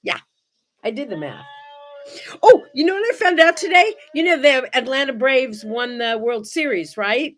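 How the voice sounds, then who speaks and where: A woman in her seventies hosting a casual morning show, animated and bubbly, chatting to her viewers and her toys. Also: high-pitched, normal speed. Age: 70s. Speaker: host.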